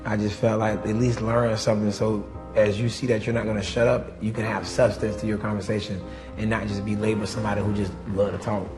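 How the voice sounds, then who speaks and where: A man with a low voice speaks in an even, flat delivery, matter-of-fact about his radio show. Music plays clearly underneath. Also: fast. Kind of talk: interview talk.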